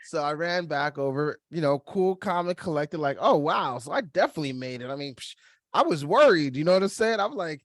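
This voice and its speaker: A young man co-hosting a podcast, telling a personal story in casual chat, lively and laughing, acting out the voices of others. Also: a little high, normal speed, dry recording, studio quality. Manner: animated, acts out quoted voices, laughs while telling. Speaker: podcast co-host.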